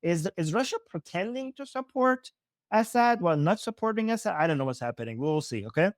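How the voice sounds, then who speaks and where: A man's voice: high-pitched, animated, fairly quick, no room sound, clean studio sound. A man with a Persian accent giving casual live commentary on videos, thinking aloud with frequent restarts and self-corrections.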